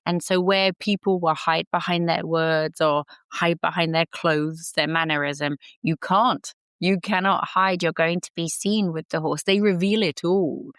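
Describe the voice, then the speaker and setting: A woman with a notably low voice speaks as a podcast guest. Her delivery is earnest and heartfelt, with a spiritual warmth in her phrasing. The recording is dry and close. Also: fairly even intonation, measured pace, hardly any pauses, clear, resonant tone, no echo. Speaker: horse whisperer guest. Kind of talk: podcast interview.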